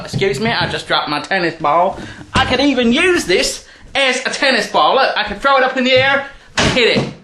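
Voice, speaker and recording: A man's voice: very high voice, sharp tone. A man from England hamming up a put-on Texan drawl while cooking in a home kitchen, goofy and full of yeehaws. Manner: hammy fake cowboy persona, goofy asides, frequent yeehaws. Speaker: guest cook. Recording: roomy echoey kitchen.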